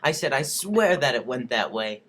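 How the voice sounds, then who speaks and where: A man's voice: medium pitch, sing-song, moderate pace, fairly bright tone. Guy doing a goofy dramatic read of song lyrics, cracks up a lot, bit of hiss behind. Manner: laughs often while reading, voices the characters' lines. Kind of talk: comic reading of a song's lyrics.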